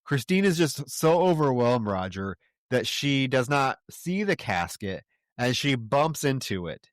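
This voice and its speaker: A man co-hosting a podcast, recapping a film in a loose, animated way and briefly mimicking characters. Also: medium pitch, unhurried, dry recording, studio quality. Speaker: podcast co-host.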